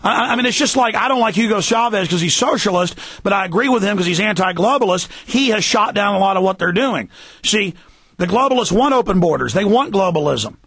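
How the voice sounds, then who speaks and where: A male talk radio host delivers a heated, emphatic rant in a high, husky, gravelly voice, sometimes rising to a shout. The expressive delivery is fairly quick, and the recording is dry and close on the mic.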